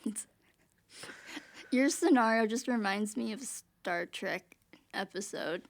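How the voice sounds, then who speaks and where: A woman co-hosting a podcast, talking in casual chat with quick, filler-heavy asides. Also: medium pitch, vocal fry. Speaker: podcast co-host.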